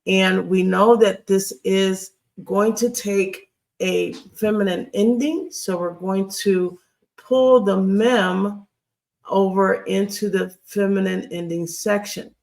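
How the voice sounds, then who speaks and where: A Hebrew grammar instructor teaching a screen-share lesson, deliberate and repeating key phrases with frequent ums. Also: medium pitch, fairly even intonation, creaky, darkish tone.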